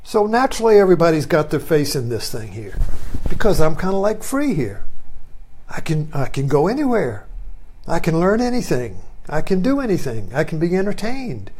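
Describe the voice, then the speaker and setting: A man's voice: on the high side, sing-song, moderate pace, darkish tone. An older man giving a rambling philosophical talk he records himself, musing aloud and often tagging phrases with "you see.". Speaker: online talk host.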